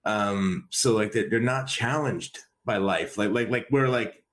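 A man's voice: fairly low pitch, measured pace, a bit bright, a little hiss or hum. Rambling man, casual podcast guest. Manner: rambling, many repeated fillers and restarts. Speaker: podcast guest, wrestling commentator. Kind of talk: casual conversation.

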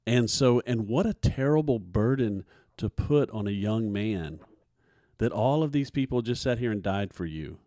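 A man's voice: fairly low pitch, animated, moderate pace, mellow, no room sound, clean studio sound. A man hosting a faith podcast, talking earnestly and preachily, often repeating his words as he builds a point. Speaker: podcast host. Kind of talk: casual faith podcast talk.

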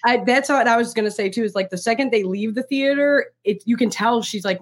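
A woman's voice: mid-range voice, fairly quick. A young woman chatting as a guest on a movie review talk. She speaks casually, stringing thoughts together with frequent filler words and recounting anecdotes.

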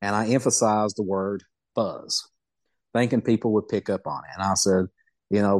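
Low, dry-voiced man. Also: moderate pace, no room sound. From Southeast Kentucky. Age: middle-aged. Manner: folksy, rambling, self-amused. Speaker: podcast guest. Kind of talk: casual storytelling.

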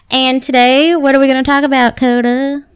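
A woman in her thirties from Kentucky, co-hosting a casual chat podcast as a mother, playful and teasing and quick to laugh. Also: high voice, bright, forceful tone.

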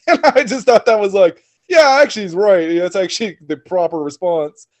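Laid-back man with a slightly high voice. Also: big pitch swings, brisk. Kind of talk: casual chat.

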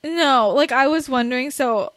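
A woman's voice: high voice, normal speed, a bit bright, no room sound. A young woman hosting a candid conversation, talking bluntly and ramblingly with many fillers and laughing through tears.

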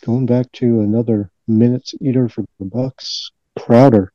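A man guesting on a casual podcast, a former professor with a slow, laid-back way of talking. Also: medium pitch, fairly even intonation, mellow, no echo, lo-fi sound. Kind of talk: casual chat.

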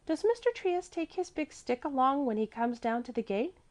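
A woman's voice: high-pitched, expressive, moderate pace, darkish tone, voice pushed up. Woman putting on a bold little girl. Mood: eager. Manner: bold, inquisitive, childlike. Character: small eager curious little girl.

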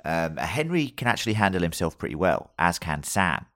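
A man's voice: sits low, very animated, moderate pace, fairly bright tone, no echo, studio quality. A man hosting a podcast, telling a story loosely with plenty of fillers and the odd swear word. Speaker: podcast host. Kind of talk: casual podcast chat.

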